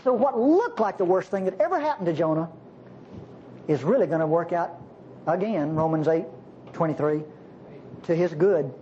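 Lively, joking preacher delivering a sermon. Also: mid-range voice, normal speed, pauses often. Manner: animated, jokey asides to the congregation. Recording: slightly dull recording with faint hiss.

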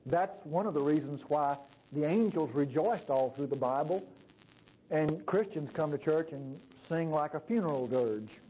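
Guy preaching a sermon, pretty high voice, keeps asking the congregation stuff like he's chatting with them. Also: lively intonation, normal speed, mellow, slight background noise, low-quality recording. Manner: conversational, asks the congregation questions. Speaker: pastor.

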